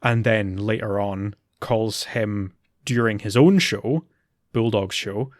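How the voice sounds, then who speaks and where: A man's voice: lowish voice, slow pace, dry recording. Chatty man recapping, dry close sound. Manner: chatty, recaps plot with frequent fillers. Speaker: podcast co-host. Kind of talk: casual chat.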